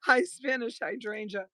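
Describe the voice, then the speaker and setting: A woman's voice: a little high, lively intonation, bright, forceful tone, dry recording. A middle-aged woman from Boston, hosting a live sale and telling rambling stories with frequent laughs. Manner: rambling storyteller, laughs often, quick asides. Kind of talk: casual live-stream sales chat.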